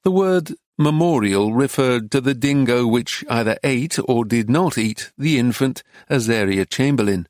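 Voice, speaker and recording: A man reading an audiobook in a measured, understated, dry manner. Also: medium pitch, expressive, darkish tone, no echo. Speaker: narrator. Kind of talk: scripted audiobook narration.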